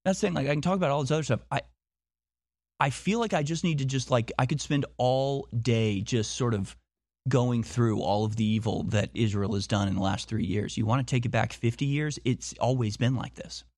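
A man's voice: mid-range voice, a little fast, a little mellow, no echo, clean studio sound. A man talking in a monologue, insistent, firing off repeated rhetorical questions and often restarting his sentences. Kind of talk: monologue commentary.

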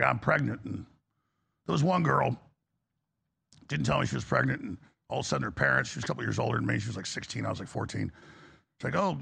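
A man's voice: medium pitch, vocal fry, sharp tone, husky. A middle-aged man hosting a talk show, delivering a rambling, impassioned confessional monologue that rises into preaching.

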